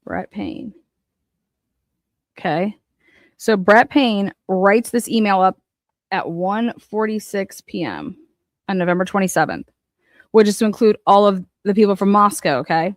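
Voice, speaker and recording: A woman talking through documents on her own channel in a loose, unscripted way. She curses freely and lurches from quiet muttering to loud, excited outbursts. Her voice sits at an ordinary middle pitch and sounds close and dry, with no room around it. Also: a little slow, long pauses, dry recording. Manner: excitable and profane, swinging from muttering to loud exclamations. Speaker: online true-crime commentator. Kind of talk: casual commentary while reading documents.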